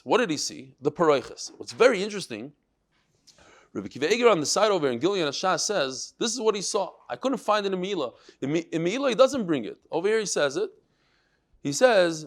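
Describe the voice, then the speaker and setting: Animated man telling a Talmud lesson. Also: fairly high pitch. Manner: lively, dramatic, mixes Hebrew and Yiddish terms. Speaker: Talmud teacher.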